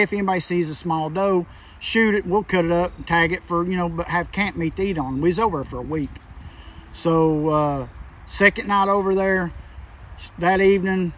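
Guy telling a scary hunting story, pretty high voice, talks kinda tense, sounds a bit far off the mic. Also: fairly bright tone. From Kentucky. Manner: rural dialect, tense and emphatic. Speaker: hunter telling an encounter. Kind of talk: casual storytelling. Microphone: phone call.

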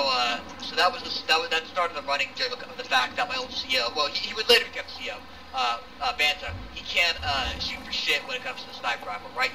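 A young man telling a rambling, profane war story in casual voice chat over loud vehicle noise. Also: extremely high pitch, gravelly, recorded from a distance, rough recording. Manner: rambling, profane, fast and animated. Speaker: milsim squad member telling war stories.

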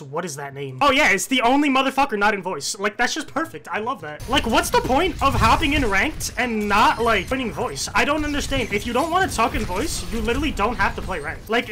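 A young man streaming a competitive shooter, swearing, yelling quick callouts to teammates and reacting loudly to each fight. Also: high voice. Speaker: gaming streamer. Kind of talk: live gameplay commentary and team voice chat.

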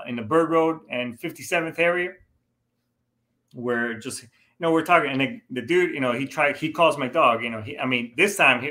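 A man's voice: mid-range voice, bright, forceful tone. A middle-aged man and Marine veteran telling a personal story to his viewers in a casual, rambling way, full of "you know" fillers and restarts. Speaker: show host, Marine veteran.

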